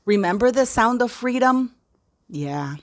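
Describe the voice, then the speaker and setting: A woman's voice: fairly high pitch, lively intonation, a little slow. A woman giving impassioned, indignant commentary to her viewers, often repeating phrases for emphasis. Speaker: commentary vlogger.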